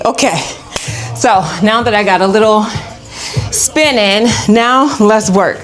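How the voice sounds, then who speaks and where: A woman's voice: mid-range voice, takes it slowly, soft background music. A woman talking casually to camera while she trains, chatty, and at times out of breath from moving. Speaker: vlogger. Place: home pole studio room.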